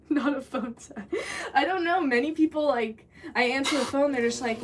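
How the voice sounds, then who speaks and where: Chatty young woman, distant noisy mic. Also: sits high. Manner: rambling, chatty, quick to laugh. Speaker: ceramicist streaming live. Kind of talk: casual live-stream chat while working. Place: pottery studio. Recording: distant mic with background noise.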